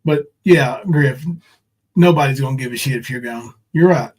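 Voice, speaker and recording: A man's voice: medium pitch, moderate pace, a little mellow, husky. A man hosting a casual livestream, taunting and swearing at a caller in a mocking way. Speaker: livestream host.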